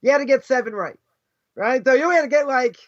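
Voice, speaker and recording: A middle-aged rabbi teaches in an easygoing, conversational way, tossing in rhetorical questions and constant "you know"s. His voice sits unusually high for a man. The recording is dull and lo-fi. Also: a little fast. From United States. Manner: chatty, peppers talk with "right?" and "you know", asks rhetorical questions. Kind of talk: casual conversational Torah lesson.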